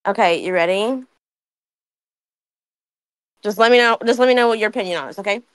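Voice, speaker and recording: A woman's voice: mid-range voice, a little fast, no room sound, low-quality recording. A woman calling into an online voice chat who talks in a hurry and keeps repeating reassurances. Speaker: caller. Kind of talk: casual voice chat.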